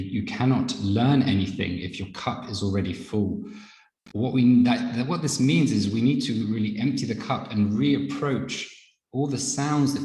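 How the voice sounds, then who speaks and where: A man leads a live online pronunciation class, explaining each point at an unhurried pace. His voice sits on the low side. The call carries a roomy echo with a long tail. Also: a little mellow. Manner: measured, explanatory teaching. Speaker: pronunciation teacher. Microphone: video call. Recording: echoey room with long reverb.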